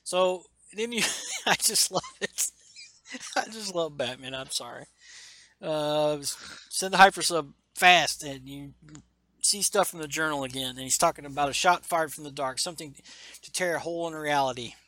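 A man's voice: on the high side, moderate pace, bright, forceful tone. A man reading a comic aloud in casual chat, enthusiastically acting out the characters' lines with lots of fillers. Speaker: comic book podcast host.

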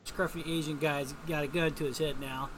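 A man's voice: fairly high pitch, steady tone, normal speed, noisy background. A man giving casual, joking commentary as he narrates a video game and reads its lines aloud.

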